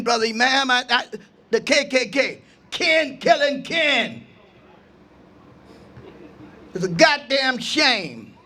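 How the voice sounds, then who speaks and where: High, bright-voiced older man preaching. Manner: preacherly, rising to shouts, repeats refrains. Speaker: imam speaking at a ceremony. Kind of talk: impassioned outdoor speech. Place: outdoor park gathering.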